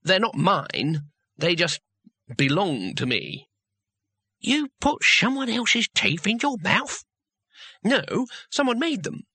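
A naive, eager little tourist, polite and chatty, put on by a male reader. He talks brightly in a high, lifted voice with a husky edge. The sound is dry and close. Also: sing-song, takes it slowly, pauses often, no echo, heavily acted. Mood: earnest.

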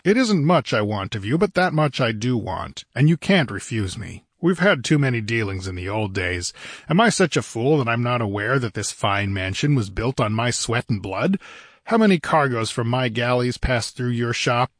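Conan, a gruff grim barbarian voiced by a man. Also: mid-range voice, lively intonation, moderate pace, no room sound, clean studio sound. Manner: gruff, impatient, mocking. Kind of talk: audiobook character voice.

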